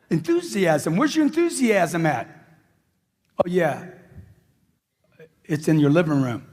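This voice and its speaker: Fired-up high-voiced man in a hall. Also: very animated, moderate pace, pauses often, darkish tone, slightly rough. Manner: high-energy, emphatic, repeats lines for effect. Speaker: sales trainer. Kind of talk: live seminar talk. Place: large hall with a live audience. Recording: echoey hall reverb.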